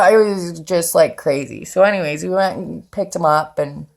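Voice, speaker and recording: A woman's voice: lowish voice, moderate pace, gravelly. A woman in her thirties telling her life story on her own channel, blunt and profane, acting out what others said. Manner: blunt and profane, acts out quoted voices. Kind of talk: candid personal storytelling.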